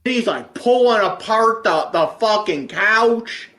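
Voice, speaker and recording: A man's voice: high voice, lively intonation, takes it slowly, pushed and bright. Rambling, swearing man in an echoey room. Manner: rambling with many restarts, swears often. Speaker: guest being interviewed. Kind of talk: casual profane storytelling.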